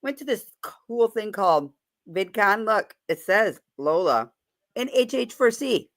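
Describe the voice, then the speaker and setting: A woman's voice: mid-range voice, animated, unhurried. A woman hosting a live stream in a chatty, playful way, greeting viewers by name. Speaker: livestream host. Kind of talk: casual live-stream chat.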